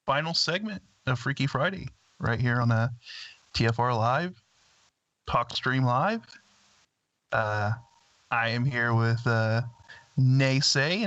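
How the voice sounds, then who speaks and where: A man's voice: mid-range voice, fairly bright tone, no room sound, muffled recording. A man hosting a casual talk radio show, speaking hesitantly with many filler sounds while he gathers his thoughts. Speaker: stand-in radio show host.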